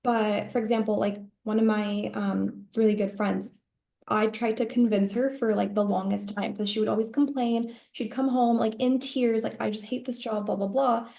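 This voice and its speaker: A woman who used to be a teacher, talking casually on a coaching call and telling rambling, animated stories full of fillers. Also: fairly high pitch, normal speed, vocal fry. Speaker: coaching client, former teacher.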